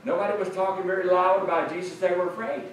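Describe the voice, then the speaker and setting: A man's voice: high voice, steady tone, quick pace. A man preaching a sermon, explaining a passage earnestly and repeating phrases for emphasis. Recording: very echoey room, mic at a distance, faint noise.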